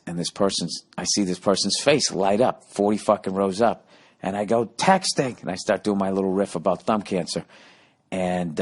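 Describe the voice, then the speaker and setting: Lower-voiced man, rambling profane podcast host, animated delivery. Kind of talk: casual rambling monologue. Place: on the road while touring.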